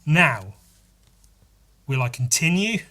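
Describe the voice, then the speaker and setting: A man talks alone on his podcast in a loose, rambling way, swearing casually and poking fun at himself. His voice is husky, with a middling pitch. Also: big pitch swings, takes it slowly, bright, forceful tone. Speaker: podcast host. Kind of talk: casual solo monologue.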